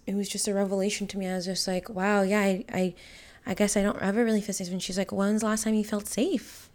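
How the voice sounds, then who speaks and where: A young woman in a casual podcast monologue, speaking candidly and emotionally. She rambles, with many fillers and restarts, at a mid-range pitch. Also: darkish tone. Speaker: podcast host.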